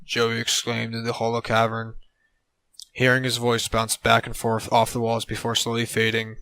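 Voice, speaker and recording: A man narrating an absurd comedic story in a deadpan way on a close mic. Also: mid-range voice, normal speed, no room sound, rough recording.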